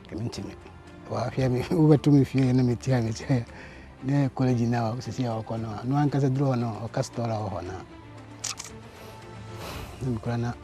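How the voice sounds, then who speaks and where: A man's voice: mid-range voice, brisk, long pauses, dark tone, faint music behind. A man, the student's father, talks in an interview and laughs often between his words. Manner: laughs often while talking. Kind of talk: interview in a local language.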